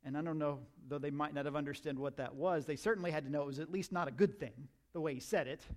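A male pastor giving a conversational sermon, asking his listeners questions and slipping into quiet asides. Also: a little high, fast talker, hardly any pauses. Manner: conversational, asks the audience questions, drops to asides.

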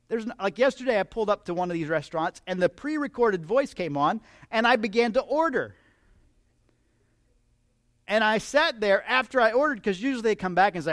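A man's voice: sits high, expressive, a little fast, no room sound, studio quality. A man preaching a conversational sermon, chatty and humorous, often asking his listeners questions. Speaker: pastor.

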